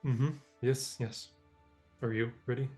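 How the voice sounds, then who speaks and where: A man's voice: medium pitch, level tone, slow, darkish tone, soft background music. A man playing a tabletop role-playing game, talking hesitantly and thinking aloud. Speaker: player. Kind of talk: tabletop role-play chat.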